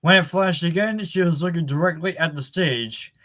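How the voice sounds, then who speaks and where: A man's voice: a little high, moderate pace, fairly bright tone. A man reading a novel chapter aloud in a plain voice, with occasional fillers and self-corrections. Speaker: audiobook reader.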